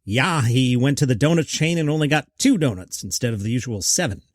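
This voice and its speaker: A man's voice: medium pitch, lively intonation, a little fast, dry recording, clean studio sound, natural voice. A man imitating an old-school late-night host who plows straight through a joke. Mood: deadpan.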